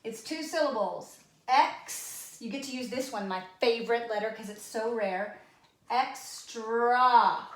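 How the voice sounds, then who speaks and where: A female teacher leads kids in spelling at a slow pace, inventing guessing games around common objects. Her voice is a touch high, her approach patient and playful, and the room has a noticeable echo.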